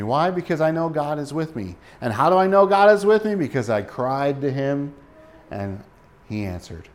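Male pastor delivering a sermon; mid-pitched, direct, keeps asking the congregation questions. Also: expressive, normal speed. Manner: direct, asks listeners rhetorical questions.

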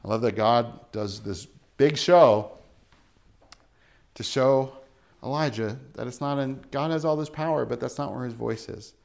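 A man preaching a sermon, earnest and dramatic, dropping to a soft low voice to press his points. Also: unhurried, vocal fry. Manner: dramatic, acts out quoted voices with rising pitch and volume. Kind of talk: sermon reading and explaining scripture.

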